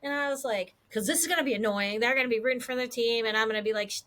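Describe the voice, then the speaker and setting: A woman co-hosting a casual chat podcast, telling stories in an animated, self-mocking way. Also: a little high, rapid-fire. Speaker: podcast co-host.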